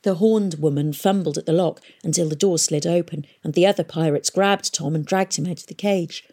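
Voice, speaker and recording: A woman reading a storybook aloud in a steady, expressive narration. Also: low voice, fairly quick. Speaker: audiobook reader.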